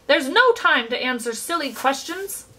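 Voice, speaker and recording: An excitable, eccentric chocolatier bursts out in sing-song exclamations, as a woman reads him aloud. The voice sits high and swoops wildly as he rhymes and commands. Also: moderate pace, slight background noise, full character voice. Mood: commanding. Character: eccentric excitable male chocolatier, gleeful and showy.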